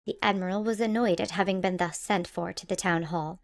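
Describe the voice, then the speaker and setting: A woman narrating an audiobook in a calm, even, measured way. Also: on the low side.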